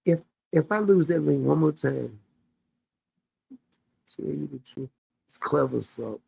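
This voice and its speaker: A man chats casually as host of a livestream, drifting from one thing to the next and laughing along the way. His voice is heavily gravelly and husky, and it sits somewhat high for a man. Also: a little slow, warm tone, no echo. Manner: rambling, loose, laughs often. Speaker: show host.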